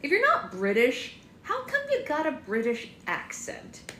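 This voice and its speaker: A woman's voice: high voice, huge pitch swings, a little slow, sharp tone, roomy sound, recorded from a distance, slight background noise, voice pushed up, exaggerated voice. A woman voicing a blunt, puzzled young male deputy who chews gum, in a read-aloud of her novel.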